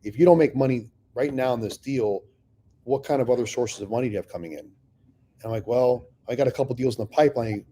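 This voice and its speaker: A middle-aged man, a real estate investor, tells a long personal story in a relaxed podcast chat, speaking fast with a mellow, warm voice at ordinary pitch and a breathy edge. A profane, animated storyteller, he swears often and acts out dialogue by slipping into other people's voices.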